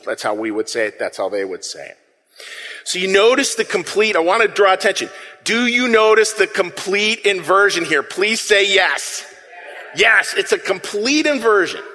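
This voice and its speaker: A man with a high, animated voice delivers a sermon to his congregation in a relaxed, conversational way, asking them to answer back. His tone is bright and forward. The sound rings in a large hall with long reverb. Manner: conversational, asks the congregation to respond. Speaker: pastor.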